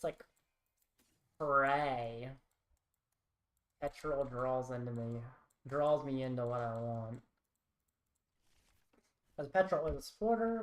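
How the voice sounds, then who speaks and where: A woman streaming a card game who mutters her plays aloud in a wry, thinking-out-loud manner. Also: a bass voice. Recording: roomy echo.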